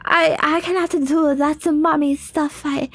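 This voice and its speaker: A woman's voice: high-pitched, unhurried, vocal fry, dry recording. A young woman streamer chatting casually while building a model kit, rambling and laughing with lots of fillers.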